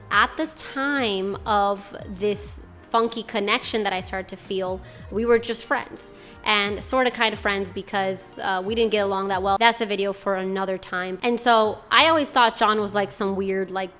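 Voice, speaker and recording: Hosting her own channel, a young Boston woman shares a personal testimony in loose, chatty talk, rambling with "like" in almost every sentence. Her pitch is middling, and soft music plays faintly in the background.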